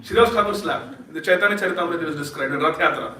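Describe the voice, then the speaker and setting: A man giving a lively storytelling sermon at a temple feast, laughing often and quizzing his audience. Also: fairly high pitch, fast talker. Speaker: speaker at a temple Sunday feast. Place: temple hall. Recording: echoey hall, distant mic.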